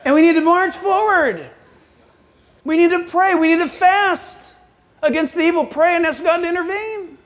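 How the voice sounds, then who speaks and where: A man preaching a sermon, swinging between loud, quick bursts and hushed, low asides. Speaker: pastor.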